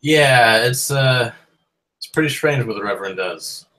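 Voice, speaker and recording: Bright-voiced young man running a game. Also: mid-range voice, expressive, unhurried, poor audio. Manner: casual, rambling with frequent ums and swearing. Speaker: game master. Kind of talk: narrating a tabletop horror game.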